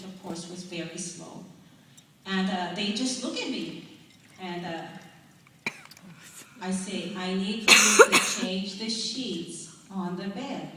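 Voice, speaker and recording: A woman's voice: mid-range voice, far from the mic, a little hiss or hum. Middle-aged woman in an echoey hall. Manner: halting storytelling with frequent pauses and chuckles. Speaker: speaker giving a testimony. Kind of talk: personal testimony to an audience.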